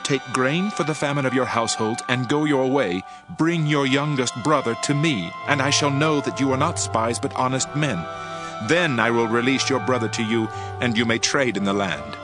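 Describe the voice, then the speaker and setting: A man voices a ruler's formal terms in a steady, mid-pitched voice. Music plays clearly underneath in this dramatized scripture reading. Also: moderate pace, lightly acted. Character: ruler's words quoted by a brother.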